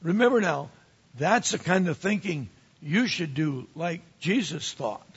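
A man who is a pastor, preaching a sermon with animated swings from quiet asides to emphatic rises. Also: a little high, unhurried, slightly rough, lo-fi sound.

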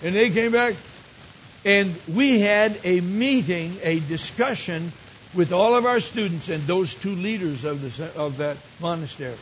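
An older man with a fairly high voice preaches a storytelling sermon, building his points up to emphatic exclamations. The recording is dull and lo-fi, with a faint hiss underneath. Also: unhurried. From Michigan.

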